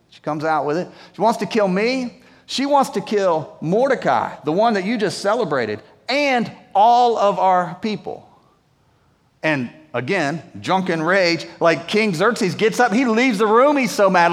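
A man's voice: on the high side, expressive, moderate pace, long reverb tail. A man preaching a sermon, retelling a story in a casual, slangy way. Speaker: pastor.

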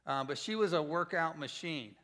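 A pastor preaching a sermon to a church congregation, animated and joking, with sudden loud bursts. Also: male voice, fairly high pitch, moderate pace. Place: church service before a congregation.

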